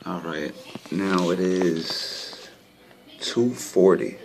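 A man talking casually to his viewers about his lottery system, pointing things out on a chart, by turns excited and frustrated. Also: low voice, very slow, creaky, noisy background. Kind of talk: casual talk to camera.

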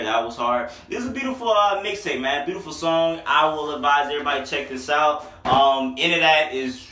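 A man's voice: medium pitch, sharp tone, a little hiss or hum. A young man casually reviewing a mixtape in a rambling, profane, joking way. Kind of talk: casual comedic music review. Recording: echoey room, mic at a distance.

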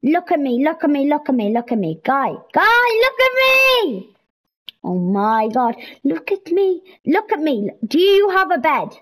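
A young woman giving casual, excitable commentary while playing a video game, pleading with and scolding game characters. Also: high voice, normal speed, hardly any pauses, poor audio. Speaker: gameplay streamer. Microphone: headset or console mic.

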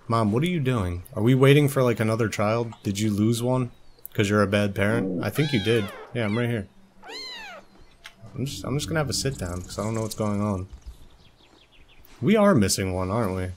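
A man's voice: fairly low pitch, close to an everyday voice. A man voicing a sassy newborn lynx cub who nags his mother, in joking, mock-whiny let's play commentary. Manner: joking, mock-whiny complaints, frequent laughs.

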